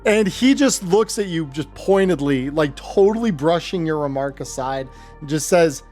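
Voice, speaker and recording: A man narrating a tabletop role-playing game as game master, with relaxed phrasing and frequent fillers. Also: fairly high pitch, moderate pace, faint music behind.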